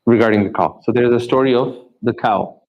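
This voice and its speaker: Guy teaching a quran class, quizzes the students, spells out terms slow. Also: mid-range voice, lo-fi sound. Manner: asks students questions, repeats terms slowly. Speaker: Islamic teacher.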